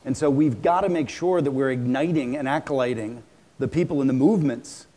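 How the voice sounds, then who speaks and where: A man's voice: medium pitch, fairly quick, dark tone. A man with an ordinary mid-range voice hosting a live onstage conversation. He talks with drive and conviction and takes questions from the audience. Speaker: interviewer and moderator.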